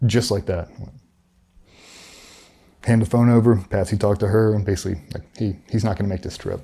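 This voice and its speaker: A man's voice: fairly low pitch, steady tone, fairly quick, dark tone. A middle-aged man recounting a personal story in a candid interview, blunt and matter-of-fact, with frequent swearing. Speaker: interview guest, former special operations veteran.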